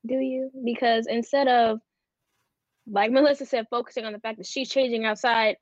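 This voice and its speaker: A woman's voice: on the high side, steady tone, brisk, no echo. Exasperated woman, dull dry sound. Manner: exasperated, repeats herself. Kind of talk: group discussion.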